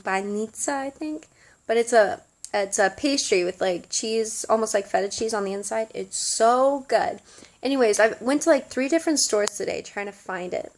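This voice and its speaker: A woman's voice: a little high, moderate pace. Chatty young Southern American woman. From Southern United States. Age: young adult. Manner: chatty, giggly, lots of fillers. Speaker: study abroad student vlogger. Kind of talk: casual vlog chat.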